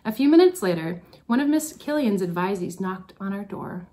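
A woman's voice: mid-range voice, animated, moderate pace, warm tone. A woman teacher giving a graduation speech to her advisory class, telling a story with wry, self-mocking humor.

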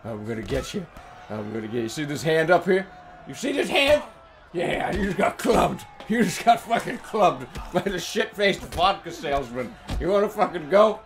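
A man's voice: fairly high pitch, animated, moderate pace, soft background music, voice pushed down. A man voicing a drunk, belligerent male vodka salesman looking for a fight, in a slurred, taunting growl.

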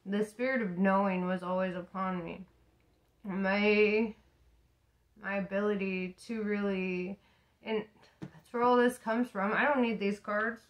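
A woman's voice: mid-range voice, fairly even intonation, takes it slowly, pauses often, poor audio. A woman tarot reader talking casually to camera about spirituality, laughing often, swearing and speaking emphatically.

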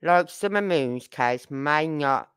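A woman's voice: deep voice, expressive, takes it slowly, clear, resonant tone. A middle-aged woman with a Birmingham accent, chatting casually and rambling to a live audience. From Birmingham, England. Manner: chatty, rambling, with fillers and asides. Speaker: livestream host.

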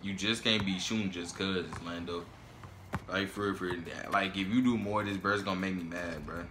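A man hosting a reaction video, talking casually and trash-talking excitedly, often repeating himself. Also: low voice, moderate pace, background noise. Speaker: YouTube reaction host.

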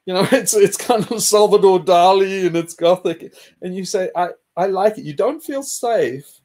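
Rambling man telling a story, fairly high voice. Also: normal speed, darkish tone. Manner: rambling, restarts, laughs often, swears. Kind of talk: casual conversational storytelling.

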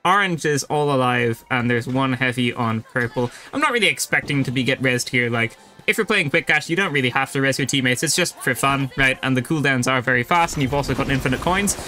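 A man's voice: medium pitch, fairly quick, few pauses, sharp tone. A young man giving casual live commentary while playing a video game, explaining his choices as he goes. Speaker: gaming YouTuber.

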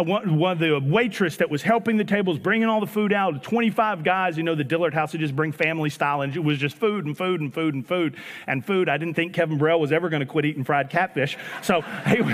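A man, preaching an animated sermon and acting out little dialogues with repeated phrases. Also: sits high. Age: 40s. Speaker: pastor. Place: church sanctuary. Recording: church hall with long reverb.

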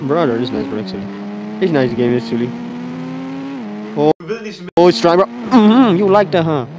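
A man giving casual, excitable commentary while playing a mobile game, exclaiming often and laughing at what happens. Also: a little high, normal speed, background noise. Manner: excitable, exclaims often, calls the viewer bro.

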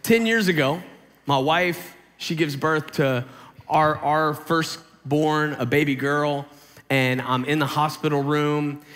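Animated male youth-camp preacher in a big hall. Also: fairly high pitch. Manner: animated, conversational, pushes his voice louder for emphasis.

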